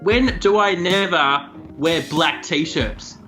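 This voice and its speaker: A man's voice: a little high, takes it slowly, soft background music. A man, co-hosting a podcast and chatting casually about odd news stories. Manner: chatty, animated storytelling. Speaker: co-host.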